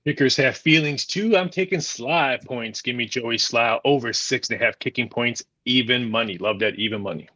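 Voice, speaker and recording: A man on a sports betting panel giving his picks in a brisk, matter-of-fact way, quoting odds. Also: mid-range voice, pushed and bright, dry recording. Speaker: show panelist.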